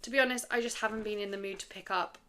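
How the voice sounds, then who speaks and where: A woman's voice: medium pitch, fairly even intonation, racing, noisy background. Casting: woman, book vlogger, casual rambling chat to camera, easy laughs. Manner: chatty, rambling, with fillers and little laughs. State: slightly out of breath.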